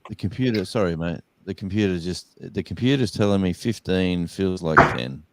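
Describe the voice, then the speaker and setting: Low-voiced Australian man. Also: normal speed, darkish tone, slight background noise. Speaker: remote guest. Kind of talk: casual chat.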